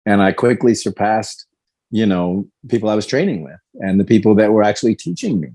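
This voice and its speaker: A man's voice: on the low side, animated, brisk, mellow. A man in his fifties, a guest in a podcast interview, telling his story candidly and animatedly, acting out quoted lines. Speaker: guest, former fighter.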